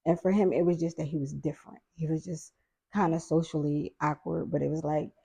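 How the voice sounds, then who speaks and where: Low, gravelly woman telling a story. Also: a little fast. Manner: animated, acts out quoted voices with laughs. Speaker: podcast guest. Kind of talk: casual storytelling.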